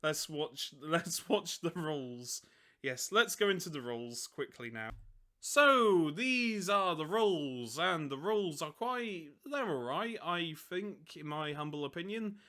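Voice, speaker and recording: Host, male; loose giggly ramble, bright tone. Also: a little high, lively intonation, measured pace. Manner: giggly, keeps breaking into laughter; rambling, self-mocking. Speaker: hobby channel host. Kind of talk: casual chat.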